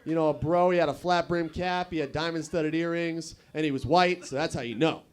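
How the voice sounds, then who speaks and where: A man's voice: a little high, a little fast, clear, resonant tone. A young man doing stand-up at an open mic in a bar, crude and rambling as he banters with the crowd. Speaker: stand-up comedian.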